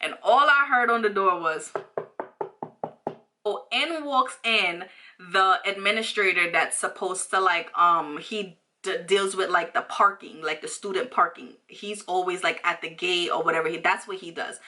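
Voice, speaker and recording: A young woman from New York tells a story in a bright, crisp voice. She rambles casually, packing in fillers and slang, and circles back to correct herself. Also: fairly low pitch, moderate pace. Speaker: vlogger.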